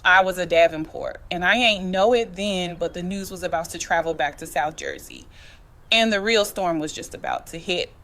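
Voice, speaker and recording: A woman with a slightly low voice tells her own story like she's talking to a friend. She speaks in a dialect flavor and drops in "girl" and "chile" as she goes. Her delivery is loose and conversational. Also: animated, normal speed, a bit bright. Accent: African American English. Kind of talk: first-person storytelling.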